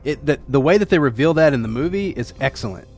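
A man's voice: a little high, animated, fast talker, darkish tone, faint music behind. A man co-hosting a podcast about a film, talking loosely in casual chat, repeating words, laughing often and acting out quotes. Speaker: podcast co-host.

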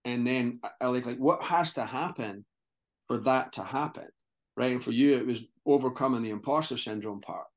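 A Scottish man, a fitness coach, talking in a casual podcast conversation with an animated, motivational manner and frequent restarts. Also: medium pitch, moderate pace. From Scotland.

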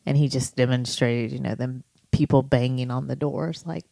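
Low-voiced woman telling a story. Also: level tone, moderate pace, creaky, warm tone, dry recording, studio quality. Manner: storytelling, many fillers and restarts. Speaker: podcast co-host. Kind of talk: casual faith podcast chat.

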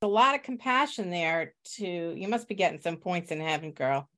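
A woman hosting a podcast interview, responsive and expressive, laughing easily. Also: lowish voice, normal speed. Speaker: podcast host. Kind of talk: interview conversation.

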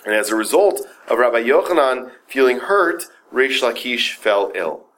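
Speaking at a moderate pace in a mid-range voice, this man leads an informal Talmud class, animatedly performing the voices of the people in the story. His talk is relaxed, dotted with fillers and frequent "right?"

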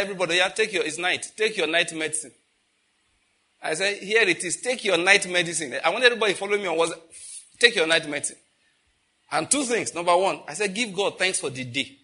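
A middle-aged man, preaching a sermon with lively rhetorical questions. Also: on the high side, breathy edge. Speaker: pastor.

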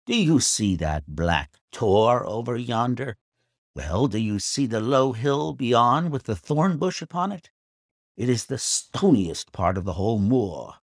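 A man voicing a pompous, irascible old squire who talks in an indignant, excitable, declamatory way in a storybook reading. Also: on the low side, dry recording, studio quality. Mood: scornful.

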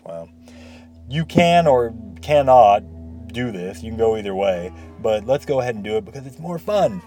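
A man's voice: lowish voice, animated, moderate pace, darkish tone, no room sound. A man giving casual, rambling commentary on a video game, with wry, sarcastic asides. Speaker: game reviewer.

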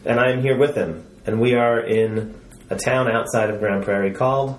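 A man's voice: medium pitch, steady tone, moderate pace. A man conducting a casual interview, joking and easygoing with his guest. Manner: jokey, easygoing. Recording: roomy echo.

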